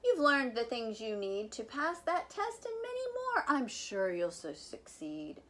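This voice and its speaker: A bubbly, confident female teacher from a children's picture book, as a woman reads her part. She speaks brightly and reassuringly, with a highish voice that swings widely in pitch. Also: big pitch swings, measured pace. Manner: bright, reassuring storybook delivery.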